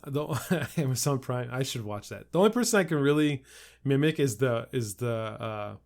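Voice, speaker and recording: A man's voice: mid-range voice, lively intonation, normal speed, vocal fry, darkish tone. A man co-hosting a podcast, laid-back and casual, swearing and laughing often. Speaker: podcast co-host. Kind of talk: casual chat.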